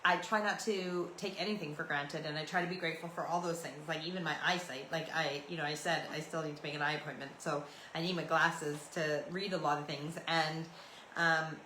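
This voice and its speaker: A woman's voice: low voice, steady tone, fairly quick, bright, forceful tone, reverberant, slight background noise, low-quality recording. A Canadian woman in her forties hosting a podcast, rambling through stories in a chatty, meandering way. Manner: chatty, meandering, loose and storytelling. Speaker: podcast host. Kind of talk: rambling solo podcast chat.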